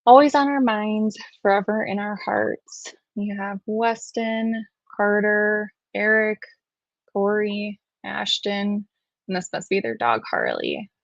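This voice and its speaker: A woman's voice: mid-range voice, lively intonation, slow, vocal fry, no echo, highs cut off. A woman hosting a true-crime livestream, chatting casually and reading aloud, close to tears and poking fun at herself. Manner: chatty, self-deprecating, emotional while reading. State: near tears.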